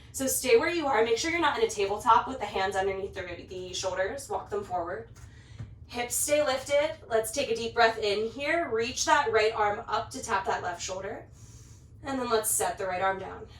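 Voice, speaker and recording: A woman instructor gently cueing poses in time with the breath during a guided yoga class, slightly out of breath as she moves along. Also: on the high side. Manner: calm, gentle cues paced to the breath. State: a little out of breath while practicing along. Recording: roomy, picked up from a distance.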